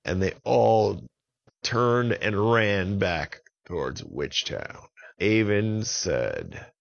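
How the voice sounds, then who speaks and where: A man with a very low, gravelly voice tells a children's story. He speaks slowly, with lively ups and downs in pitch. The recording is slightly dull and lo-fi. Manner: unhurried, expressive storytelling.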